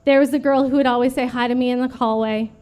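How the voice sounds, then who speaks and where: A woman in her late thirties giving an earnest prepared memorial speech at a vigil, steady and read from a script. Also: sits high, fast talker, clear, resonant tone. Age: late 30s. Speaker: vigil speaker.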